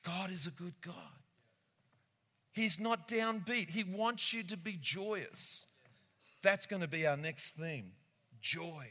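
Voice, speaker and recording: A male pastor preaching a lively sermon, acting out little conversations and laughing often. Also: fairly high pitch. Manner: animated, acts out voices, laughs often. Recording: echoey hall.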